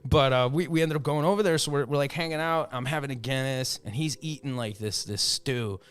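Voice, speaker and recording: A man's voice: medium pitch, a little fast, clean tone. A man telling a story as a podcast guest on a bar stage, acting out the voices of the people he quotes. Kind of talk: casual storytelling.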